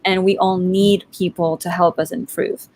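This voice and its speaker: A woman's voice: on the low side, little pitch movement, normal speed, darkish tone, no echo. A woman hosting a virtual author event, giving earnest advice in a casual, playful way. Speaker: host. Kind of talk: casual panel chat. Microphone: video call.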